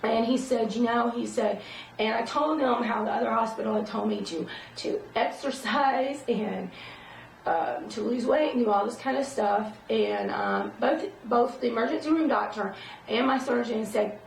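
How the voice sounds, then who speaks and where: A woman's voice: on the high side, vocal fry, a little hiss or hum. A middle-aged woman vlogging casually about her own experience, rambling and emphatic, often checking in with "okay?". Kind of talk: casual personal talk to camera. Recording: roomy echo, distant from the mic.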